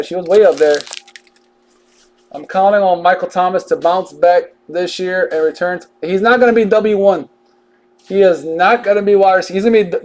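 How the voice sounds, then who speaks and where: Chatty high-voiced man. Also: a little mellow, a little hiss or hum. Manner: chatty, drawling, jokey asides while reading out cards. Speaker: card breaker. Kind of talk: casual live card-break chat.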